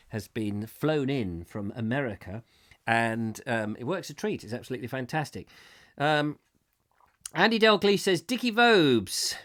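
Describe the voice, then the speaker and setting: A man's voice: medium pitch, a bit bright. A man in middle age hosting a comic live chat show, rambling playfully and swooping into silly voices. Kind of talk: live comic monologue reading viewer comments.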